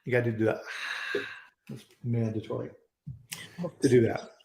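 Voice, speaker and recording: Hosting a live food safety chat online from his Colorado home, a man rambles casually, restarting sentences and using fillers. His mid-range voice is creaky and mellow, with little pitch movement, at a normal speed. The room gives the sound a noticeable echo.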